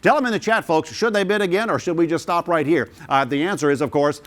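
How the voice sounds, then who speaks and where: A man running a live virtual charity auction, urging bidders on with energetic, rhythmic repeated bid calls. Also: on the high side, quick pace. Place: studio of a virtual gala broadcast.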